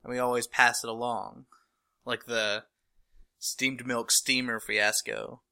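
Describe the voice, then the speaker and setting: A man from North Carolina chatting casually as a podcast co-host, rambling and animated, with laughing outbursts. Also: mid-range voice, slow, vocal fry. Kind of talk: casual chat.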